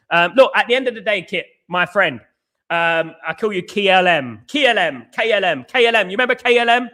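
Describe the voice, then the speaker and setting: A man hosting a casual live stream chat, excitable, repeating phrases and reading out comments. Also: sits high, a little fast.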